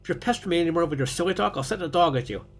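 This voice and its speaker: A man voicing a gruff, loud market goose salesman who blusters and scoffs, in a storybook reading. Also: a little high, expressive, brisk, heavily acted. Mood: furious. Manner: blustering, scornful.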